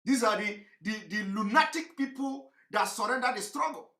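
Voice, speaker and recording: Man, impassioned livestream commentary, forceful bright tone, preachy, repetitive, roomy echo. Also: normal speed. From Nigeria. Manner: preachy, repetitive, rhetorical questions, swings between shouting and low tones. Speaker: online broadcaster.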